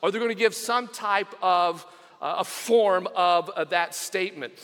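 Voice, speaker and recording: A man preaching a sermon in a chatty, storytelling way, with frequent ums and uhs. His voice sits notably high, and the long reverb of a big church hall trails after each phrase. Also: a little slow, a bit bright. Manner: conversational, storytelling, many fillers. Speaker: senior pastor.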